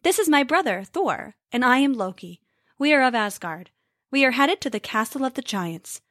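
A woman doing a smooth-talking trickster god. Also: sits high, sing-song, normal speed, a bit bright, dry recording, studio quality. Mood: polite. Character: cunning, hungry male trickster god.

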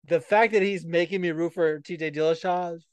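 A young man hosts a podcast, his voice a little high. He chats casually and swears freely. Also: fairly quick, clear, resonant tone, no room sound. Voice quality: profane, animated storytelling. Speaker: podcast host. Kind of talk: casual chat.

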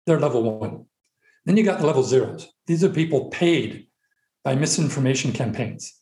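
A man of middling pitch explains his view as a podcast guest, building it up point by point. His voice carries a noticeable room echo. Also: darkish tone. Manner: methodical, lays out points step by step. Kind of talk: explanatory conversation. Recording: roomy echo.

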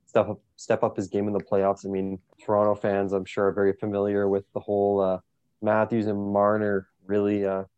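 A man with a very low, dark voice, recorded dry and close. He talks in a level, measured way with small pauses and hesitations. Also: completely flat delivery, clean tone, no room sound, muffled recording. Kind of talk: casual sports chat.

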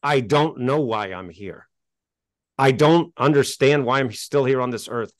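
Animated middle-aged man, dry close sound. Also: mid-range voice, measured pace, no room sound. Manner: animated and emphatic, gets worked up. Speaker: interview guest. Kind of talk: storytelling in a podcast interview.

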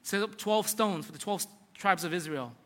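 A man's voice: high-pitched, normal speed, a bit bright. Bold bossy prophet man, a preacher doing him, declaiming, echoey hall. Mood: commanding. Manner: commanding, declaiming. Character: bold, boastful male prophet giving commands. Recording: long hall reverb.

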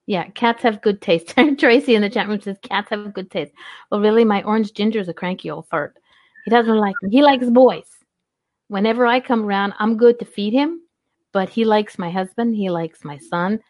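A woman's voice: mid-range voice, a little mellow. Chatty, laughing woman host. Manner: chatty, laughing, mimics her pets in little quoted voices. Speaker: host of a live-streamed talk show. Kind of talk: casual chat.

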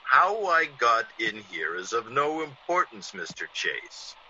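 A suave, mocking stranger. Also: male voice, mid-range voice, big pitch swings, measured pace, pushed and bright, slight background noise, full character voice. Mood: calm, teasing. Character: suave, mysterious adult male intruder. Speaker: uninvited visitor. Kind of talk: old-time radio drama acting. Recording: dull lo-fi old radio broadcast.

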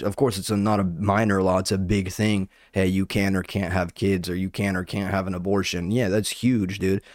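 A man's voice: on the low side, a little mellow, no room sound, studio quality. A young man ranting casually and sarcastically, swearing a lot and calling everyone "dude.". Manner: sarcastic, profane, says "dude" constantly. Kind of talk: casual comedic rant.

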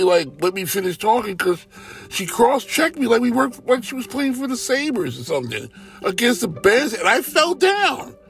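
A man with a high-pitched, gravelly voice gives a casual, rambling monologue. He tells everyday stories with animation and acts out other people's words.

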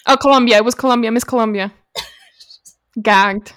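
A playful woman with a high voice hosts a film podcast, her talk loose and full of slang. The recording is dry and close, with no room sound around her. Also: fairly even intonation, moderate pace, fairly bright tone, no echo. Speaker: podcast host. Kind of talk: casual film chat.

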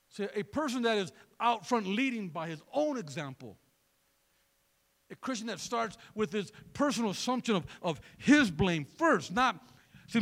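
A man preaching a sermon in an animated way, throwing joking asides to the congregation. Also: high voice. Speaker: pastor.

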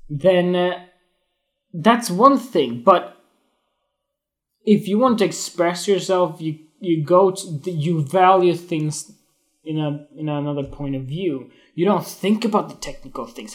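A man's voice: on the high side, a little slow. Candid, cursing man musing on photography. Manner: candid, swears freely, wanders and restarts, grows emotional. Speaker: photography podcast host. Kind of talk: casual spoken monologue on Instagram Live.

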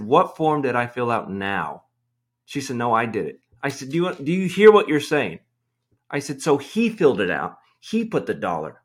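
A man on a casual podcast, telling a story in an animated, exasperated way and swearing freely. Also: mid-range voice. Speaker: podcast host.

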